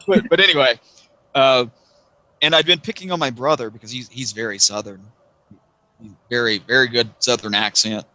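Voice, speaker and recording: A man from the American South talks on a livestream, his voice bright and forward. He tells long, wry stories and swears freely as he goes. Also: mid-range voice, moderate pace, pauses often, dry recording. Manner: wry, rambling storyteller who swears freely. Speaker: interviewee, YouTuber. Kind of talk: casual chat on a livestream.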